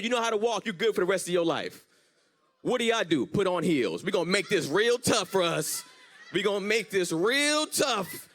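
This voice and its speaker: A young man performing a stand-up comedy set on a church stage, telling stories with animated delivery and squeaky impressions of his girlfriend. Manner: animated storytelling with high-pitched impressions.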